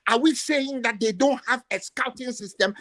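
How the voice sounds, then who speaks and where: This impassioned call-in rant comes from a man on a video call, emotional and exasperated, tripping over the same words again and again. He speaks at a moderate pace in an extremely high, slightly bright voice.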